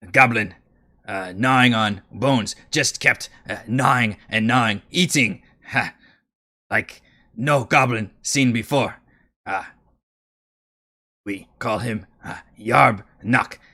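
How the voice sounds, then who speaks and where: A man voicing a proud male goblin who speaks in halting, broken grammar and boasts about his tribe. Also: medium pitch, bright, forceful tone, exaggerated voice.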